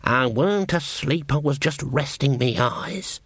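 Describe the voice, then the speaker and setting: A man's voice: mid-range voice, a bit bright, breathy edge, no room sound, studio quality. A man doing a grave, stern old witch. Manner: slow and grave.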